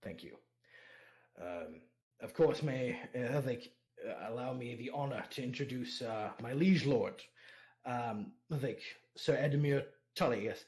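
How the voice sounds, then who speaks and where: A man's voice: medium pitch, lively intonation, a little mellow. A man narrating his moves and speaking in character during a tabletop role-play, full of fillers and laughs. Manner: halting, filler-heavy, laughs often.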